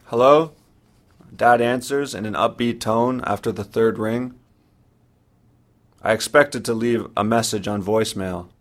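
A man narrating a personal story in the first person, in a somber, measured way. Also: lowish voice, fairly even intonation.

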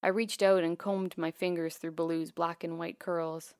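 A woman narrating a first-person memoir in a quiet, measured, intimate way. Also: on the low side, level tone, smooth, no room sound, clean studio sound.

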